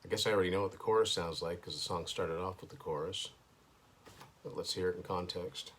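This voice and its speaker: A man's voice: low-pitched, fairly even intonation, fairly quick, a bit bright. A man hosting his own show, casually thinking aloud through a first listen of an album, hesitant and with dry asides, at home indoors. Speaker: host.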